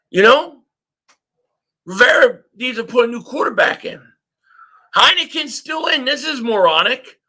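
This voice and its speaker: A man hosting a live sports reaction stream, ranting excitably and often shouting at the game. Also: extremely high pitch. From Philadelphia area.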